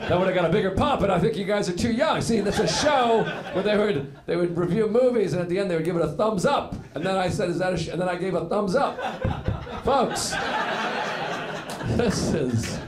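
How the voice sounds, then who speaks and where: High-voiced comedian teasing a laughing crowd. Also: male voice, normal speed. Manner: dry, teasing, deadpan asides. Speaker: stand-up comedian. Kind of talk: stand-up crowd work. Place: theater stage before a live audience. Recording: echoey theater with laughing crowd.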